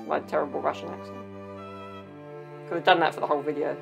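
Gravelly British man, blunt reactions. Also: on the high side, little pitch movement, quick pace, music in the background. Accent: British English. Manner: blunt, exclamatory, cheeky banter. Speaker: video commentator. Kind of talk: casual reaction commentary.

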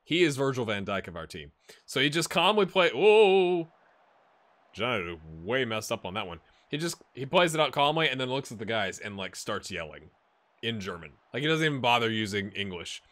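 A man giving casual, amused commentary while playing a football management game, getting excited during the action. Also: lowish voice, normal speed. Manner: chatty, amused, jumps to excited play-by-play. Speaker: gaming YouTuber. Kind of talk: casual let's-play commentary.

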